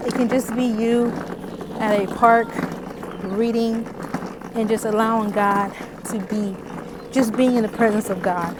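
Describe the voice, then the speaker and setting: A woman's voice: on the high side, steady tone, unhurried, long pauses, noisy background. A woman vlogger talking casually and earnestly to camera, out of breath, calling the viewer sis and girl. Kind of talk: casual faith talk to camera.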